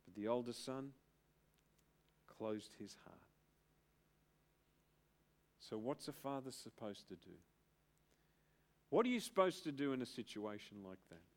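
A middle-aged man preaching a sermon as pastor, emphatic, with dramatic pauses and build-ups. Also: mid-range voice, sing-song, a little mellow.

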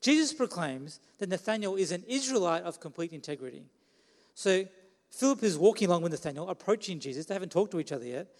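A man's voice: high voice, expressive, fast, a little mellow, long reverb tail. A man preaching a sermon in a conversational way, putting questions to the listeners.

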